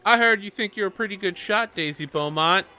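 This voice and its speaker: A woman's voice: medium pitch, brisk, sharp tone, faint music behind, pitched above the performer's own voice, close to an everyday voice. A man voicing a fierce, hot-tempered young gunslinger woman in a tabletop game, snapping and threatening. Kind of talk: tabletop game role-play.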